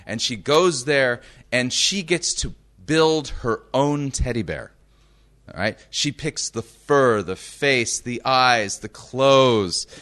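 Emphatic, animated male preacher. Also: medium pitch. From United States. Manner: emphatic, reads scripture slowly and checks in with the crowd. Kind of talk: sermon.

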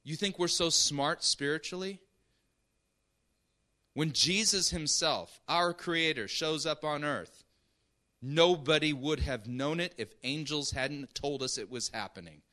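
Male preacher, bright and forceful, deliberate pace, keeps asking "right?". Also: a little high. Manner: emphatic, keeps checking in with "right?" and "okay?". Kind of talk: sermon.

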